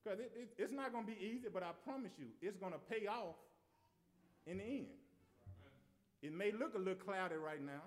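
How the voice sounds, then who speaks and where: A man's voice: sits high, lively intonation, brisk, long pauses. A man preaching a sermon, earnest, often repeating and restarting his words.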